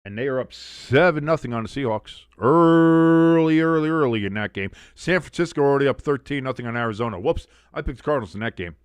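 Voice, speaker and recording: A man's voice: medium pitch, lively intonation, quick pace, few pauses, clean tone, no echo. A man hosting a casual live sports watch-along, chatty, with sarcastic, mocking asides.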